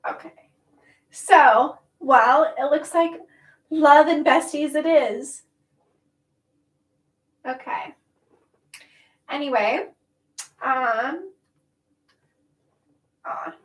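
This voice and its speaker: Woman livestream host, high voice, chatty and emotional, a little far off the mic. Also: very slow, pauses often. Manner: warm, chatty, emotional at times, laughing often. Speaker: livestream host reading chat comments. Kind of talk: casual livestream chat. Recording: roomy echo, mic at a distance.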